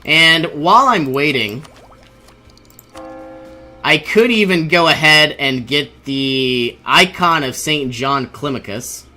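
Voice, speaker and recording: A man's voice: fairly high pitch, takes it slowly, bright, forceful tone, soft background music. A young man giving casual commentary over his own strategy game, thinking aloud, often exasperated and laughing. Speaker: let's play host.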